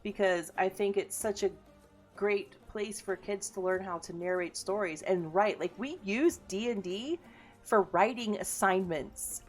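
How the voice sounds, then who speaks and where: A woman in casual chat as an interviewer, talking fast, chatty and swearing freely. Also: mid-range voice, faint music behind.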